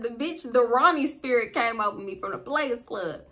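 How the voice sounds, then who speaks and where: A young woman telling a personal story to her viewers, animated and profane, with frequent bursts of laughter. Her voice sits on the higher side, with a bright, forceful edge. Her volume swings from hushed asides to loud outbursts. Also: normal speed. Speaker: storytime vlogger. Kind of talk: casual storytelling to camera.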